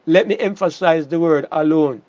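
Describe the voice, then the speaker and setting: High-voiced emphatic male preacher, dull sound. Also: moderate pace, a little mellow, no room sound. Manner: emphatic, repeats words and restarts phrases. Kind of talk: sermon.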